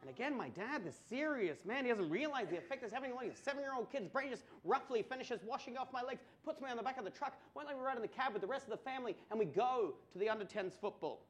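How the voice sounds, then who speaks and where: An Australian man doing stand-up storytelling, swearing, stammering through restarts and building to loud punchlines. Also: very high-pitched, expressive, quick pace, hardly any pauses, a little hiss or hum. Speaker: stand-up comedian. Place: comedy club stage before a laughing audience.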